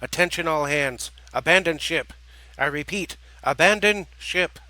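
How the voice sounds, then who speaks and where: A man playing a commanding male space fleet general who shouts orders in a raised, strained voice. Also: high voice, measured pace, no echo, pitched above the performer's own voice, rough recording.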